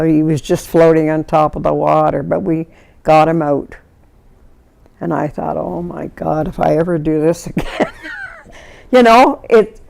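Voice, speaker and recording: A woman's voice: deep voice, creaky. A woman, recalling her life in an oral history interview and acting out the people in her stories. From Canada. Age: 90s. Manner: lively storyteller who acts out the people in her stories.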